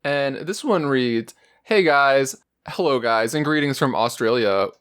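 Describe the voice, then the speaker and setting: A man's voice: medium pitch, lively intonation, measured pace, fairly bright tone, smooth. A man co-hosting a casual gaming podcast, telling stories and reading listener mail in an easygoing way. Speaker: podcast co-host. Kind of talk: casual chat.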